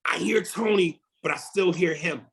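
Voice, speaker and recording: A comedian guest talking casually in an interview, animated and often repeating words while he thinks. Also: sits high, moderate pace, creaky, a little hiss or hum, poor audio.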